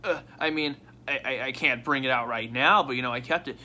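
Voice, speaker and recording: A man voicing a calm young male hero who speaks earnestly and reassuringly. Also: mid-range voice, a little fast.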